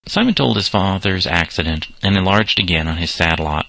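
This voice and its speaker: Deep, gravelly male storyteller. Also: expressive, moderate pace, few pauses, bright, forceful tone, no room sound, poor audio. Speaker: narrator. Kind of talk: reading a story aloud.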